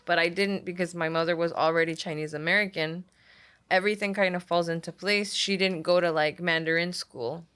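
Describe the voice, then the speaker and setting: A little fast and clean in tone, her voice sits on the low side. The young woman, a language arts teacher from Puerto Rico, chats informally as an interview guest, scattering "like" everywhere and getting lively when she quotes people.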